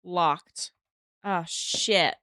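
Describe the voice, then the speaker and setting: A woman's voice: on the low side, extremely slow, pushed and bright, clean tone, dry recording, clean studio sound. A woman streaming a game live, chatting casually to her viewers, swearing freely and talking to herself as she plays.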